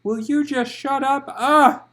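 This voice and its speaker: A man's voice: very high-pitched, drawn-out words, voice pushed up, exaggerated voice. A man voicing a pregnant woman in labor who screams and strains through each line. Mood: frantic.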